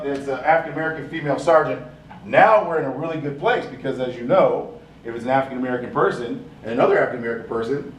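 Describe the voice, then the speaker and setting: A man giving a conference talk, telling an animated story and acting out the voices of the people in it. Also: medium pitch, a little hiss or hum. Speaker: conference speaker. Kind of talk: storytelling talk with acted quotes. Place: conference hall. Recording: echoey room from a distance.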